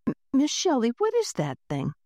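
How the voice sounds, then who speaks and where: A high, eager little girl who tinkers with inventions, as a woman reading aloud puts her on. She chirps in a bright, lively sing-song, barely stopping for breath. The reading is close and dry. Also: normal speed, no room sound, heavily acted. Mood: excited.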